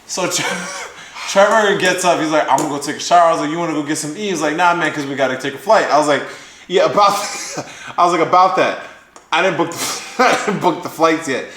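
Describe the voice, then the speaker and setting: A man's voice: on the high side, a little fast. Male co-host, casual and profane, a laughing storyteller; echoey room with a faint hiss. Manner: animated storyteller, swears freely, laughs often. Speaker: podcast co-host. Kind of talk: casual chat.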